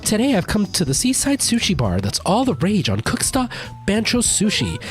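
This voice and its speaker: A man's voice: high voice, wildly swooping pitch, moderate pace, soft background music, voice pushed up. A man voicing a peppy woman who hosts a TV cooking show in a game. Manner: bright presenter delivery.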